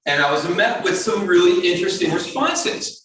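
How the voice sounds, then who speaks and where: Animated man in a very echoey hall. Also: normal speed. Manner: animated, acts out quoted voices in a higher pitch. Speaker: presenter at an astronomy club talk. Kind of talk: storytelling lecture. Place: community hall talk. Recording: very echoey hall, speaker far from mic.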